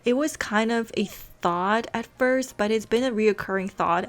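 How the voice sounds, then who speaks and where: A woman casually narrating a life-sim game story, chatty and giggly, with dramatic asides. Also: mid-range voice. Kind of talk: casual let's-play storytelling.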